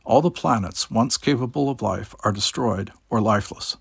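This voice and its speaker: A logical, unruffled alien officer speaking in measured, formal sentences, as a man reads him. The voice is gravelly and close. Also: medium pitch, no echo. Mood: calm. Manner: calm, formal.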